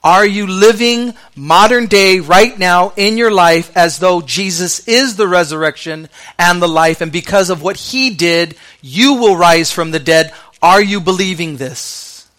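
Bright-voiced male pastor preaching. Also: sits high, a little slow, hardly any pauses. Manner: conversational preaching with slang asides; drops to soft, quiet delivery on key lines. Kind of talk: sermon.

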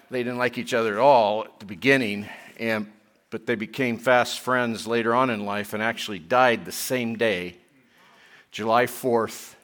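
A middle-aged man preaching a sermon, chatty with joking asides, growing louder and higher when he reads and presses scripture. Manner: chatty, self-deprecating asides between scripture readings; rising in pitch and force when reading and pressing scripture. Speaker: pastor.

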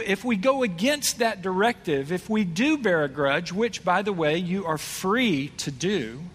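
A man's voice: high-pitched, fairly bright tone. A man preaching a conversational sermon, asking his congregation questions. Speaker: pastor. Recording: reverberant hall.

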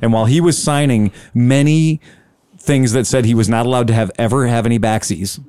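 A man's voice: medium pitch, brisk, dark tone, clear, resonant tone, no room sound. A man telling a long sales story in casual chat, acting out both sides of the conversation. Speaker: scooter dealer telling a story.

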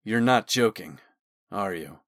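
A man's voice: medium pitch, expressive, moderate pace, dry recording, studio quality, close to an everyday voice. A man reading the lines of a caring older-brother figure in an audiobook, teasing yet firm. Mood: playful firm.

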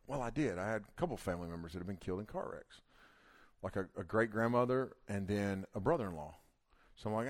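A man telling a long story in a casual, animated way, acting out the quotes. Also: lowish voice, quick pace.

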